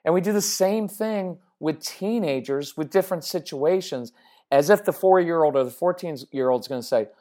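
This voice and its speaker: A woman's voice: deep voice, lively intonation, moderate pace, darkish tone. A middle-aged woman speaking as a parenting coach, talking to listeners in a conversational, emphatic way that keeps checking in with them. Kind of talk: direct-to-camera parenting talk.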